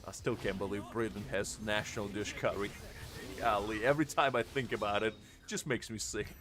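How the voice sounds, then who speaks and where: A man's voice: lowish voice, moderate pace, fairly bright tone, faint music behind. A young man streaming a game, chatting casually with his viewers in a joking, rambling way and answering them by name. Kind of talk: casual live-stream chat.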